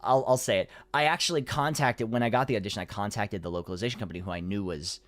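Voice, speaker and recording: A man's voice: fairly low pitch, fast, a bit bright, dry recording. A man, a voice actor, telling a long story in a casual podcast chat, rambling with many restarts.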